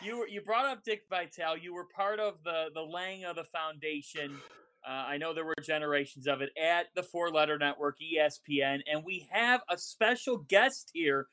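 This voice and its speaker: A man hosting a radio sports talk show, brisk and laughing along. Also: a little high, sharp tone, clear, resonant tone, dry recording. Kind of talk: casual chat.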